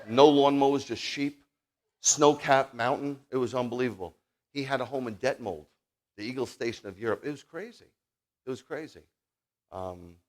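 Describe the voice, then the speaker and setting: A man leading a Shabbat service, preaching a sermon that mixes scripture with folksy personal stories, swinging from loud declarations to quiet asides. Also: lowish voice. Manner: folksy, joking, talks straight to the congregation. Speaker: congregation leader preaching.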